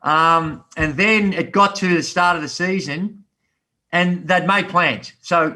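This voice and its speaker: An Australian man in his fifties, a podcast guest telling a long story in a relaxed, animated way with local slang. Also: high-pitched, normal speed. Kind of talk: casual storytelling.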